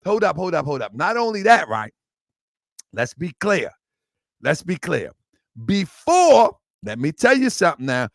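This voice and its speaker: A man's voice: high voice, huge pitch swings, measured pace, gravelly, dry recording, clean studio sound. A man hosting his online show, talking in a rambling, repetitive way with lots of slang. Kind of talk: casual livestream talk.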